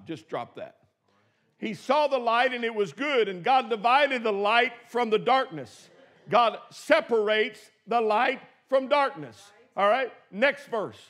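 High-voiced man preaching a sermon. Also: big pitch swings, slow. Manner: emphatic preaching, swings between shouting and quiet asides. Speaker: pastor.

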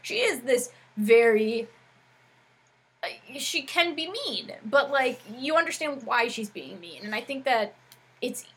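Chatty woman with a husky, higher voice. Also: very animated, a little slow, rough recording. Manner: chatty, rambling, with frequent "like" fillers. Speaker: podcast co-host and educator. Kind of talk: casual chat.

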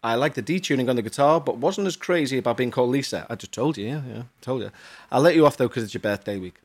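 A man's voice: mid-range voice, animated, fast talker. A man from Huyton, co-hosting a podcast and reading listener emails aloud in a chatty, jokey way with self-mocking asides. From Huyton, Merseyside, England.

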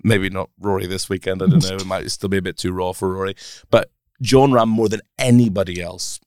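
A man's voice: deep voice, steady tone, a little fast, a little mellow, clear, resonant tone, no room sound. A man co-hosting a sports podcast, chatting in a teasing, jokey way. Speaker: podcast co-host, sports reporter. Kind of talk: casual podcast chat.

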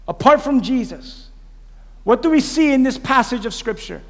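A man preaching a sermon, pausing to quiz his congregation and have them repeat lines back. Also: extremely high pitch, expressive, in a large hall. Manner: call-and-response preaching, quizzing the congregation. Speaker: pastor. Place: church sanctuary.

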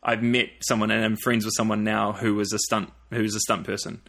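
Chatty New Zealand man, low voice. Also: level tone, brisk, vocal fry, a bit bright. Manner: hesitant, many fillers and restarts, laughs easily. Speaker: podcast guest. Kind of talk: casual chat.

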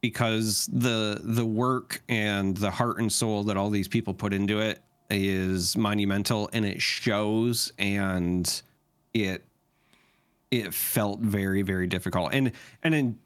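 Male podcast co-host, fairly low voice, earnest and halting, dry close sound. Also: fairly even intonation, no room sound. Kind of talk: casual podcast chat.

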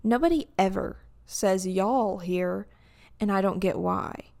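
A young woman at a middle pitch talks through a long run of opinion posts, reading each one aloud and then chatting about it. She keeps it loose and animated, with plenty of "like" and quick restarts, as though talking to friends. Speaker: video creator reading and reacting to opinion posts. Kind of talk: casual reaction chat, reading posts aloud.

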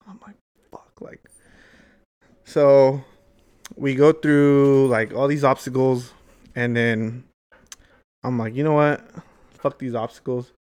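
A man's voice: mid-range voice, fairly even intonation, slow, long pauses, a little mellow, clean tone. A young adult man telling a long story in casual chat, rambling and swearing freely, saying "like" and "dude" often. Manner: profane, rambling, heavy use of "like" and "dude".

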